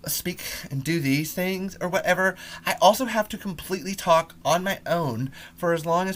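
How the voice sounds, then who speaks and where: A man's voice: high-pitched, normal speed, few pauses, a bit bright. A man hosting a podcast alone, ranting loosely with frequent ums, restarts and swearing. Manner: rambling, profane, lots of ums and restarts. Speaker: podcast host. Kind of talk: solo podcast rant.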